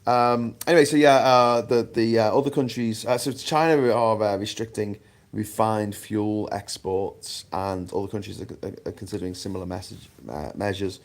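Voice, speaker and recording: A man hosting a livestream in a relaxed, rambling way, with frequent swearing and quick asides. His voice sits a little low, and he talks in loose, conversational stretches. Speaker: livestream host. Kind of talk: casual chat.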